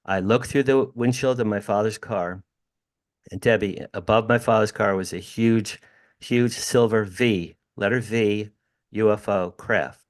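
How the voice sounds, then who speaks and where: Animated older man telling a story. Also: fairly low pitch, a little slow. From New Jersey, USA. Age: 60s. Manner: animated, emphatic storyteller who addresses the host by name. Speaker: podcast guest. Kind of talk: storytelling in an interview. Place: home room with drums.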